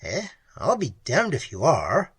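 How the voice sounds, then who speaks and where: An audiobook reader voicing a blunt, practical young man explorer who talks plainly and a bit gruffly. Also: mid-range voice, wildly swooping pitch, unhurried, no room sound, heavily acted. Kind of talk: audiobook character voice.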